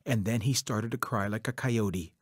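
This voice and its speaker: A man telling a traditional folk tale in a rhythmic, repetitive, measured way. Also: lowish voice, slightly rough, no room sound, clean studio sound. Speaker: storyteller. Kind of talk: oral folk-tale storytelling.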